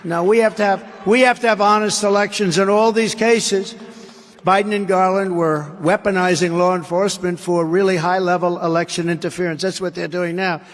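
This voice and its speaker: High-voiced man giving a combative arena speech. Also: fairly even intonation, moderate pace. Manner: combative, repetitive, sarcastic asides. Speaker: politician addressing a rally. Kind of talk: campaign rally speech. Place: large indoor arena. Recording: long arena reverb.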